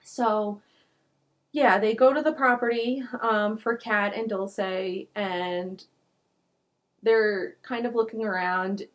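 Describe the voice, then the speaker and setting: A woman's voice: medium pitch, steady tone, slow pace. Chatty woman telling a true crime story. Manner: chatty, heavy use of "like", indignant asides. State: out of breath. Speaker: true crime podcast host.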